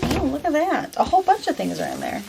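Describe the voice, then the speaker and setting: A woman's voice: high-pitched, wildly swooping pitch, fast, gravelly, background noise. A woman co-hosting a casual box-opening chat, upbeat and reading product blurbs aloud. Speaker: shop host.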